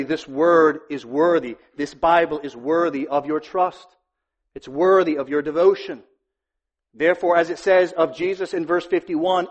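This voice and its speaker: A male pastor preaching a sermon, driving points home with repeated phrases and rhetorical questions. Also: a little high. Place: church sanctuary.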